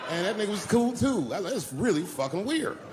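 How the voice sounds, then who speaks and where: A middle-aged man telling a profane, animated story as a stand-up comedian on a live stage. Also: sits high, fast talker, background noise. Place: live stage before an audience.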